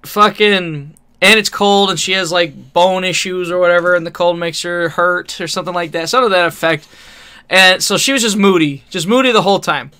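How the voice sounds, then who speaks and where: A man's voice: high voice, brisk, sharp tone, clear, resonant tone. A man co-hosting a podcast, telling a rambling story in casual chat, laughing often and swearing freely. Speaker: podcast co-host.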